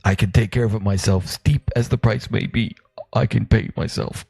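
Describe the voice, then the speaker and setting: A man with a gravelly voice playing a character in a tabletop game. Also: on the low side, fairly even intonation, normal speed, warm tone, dry recording, studio quality, soft background music. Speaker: player.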